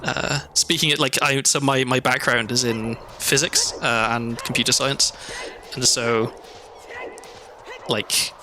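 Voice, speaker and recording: A man's voice: medium pitch, fairly even intonation, slow pace, noisy background. A young man from South Wales with a mild Welsh accent, chatting in a meandering, self-deprecating way while streaming a game. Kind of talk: casual gameplay commentary.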